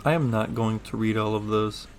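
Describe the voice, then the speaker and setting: A man playing a game, reading its text aloud with deadpan, joking asides. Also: fairly low pitch, normal speed, slight background noise. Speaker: gamer.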